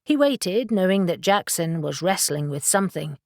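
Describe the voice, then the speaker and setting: Brief: female audiobook narrator, measured storytelling, low-set voice. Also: expressive, dry recording, studio quality.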